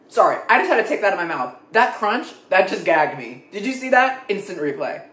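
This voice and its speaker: This young food vlogger's high voice is sing-song, fairly quick, and a bit bright as he tastes things and reacts with dramatic, expressive, freely profane commentary, all captured in an echoey room.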